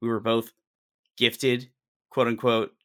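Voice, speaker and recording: A man's voice: mid-range voice, monotone, takes it slowly, a bit bright. A man in a candid, casual conversation who rants with exasperation and swears often.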